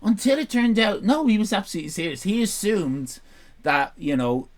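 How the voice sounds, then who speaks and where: A man's voice: high-pitched, expressive, moderate pace, a little hiss or hum. Guy streaming live, rambly and sweary, voice jumps all over. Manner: rambling, sweary and self-mocking. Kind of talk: casual live-stream chat.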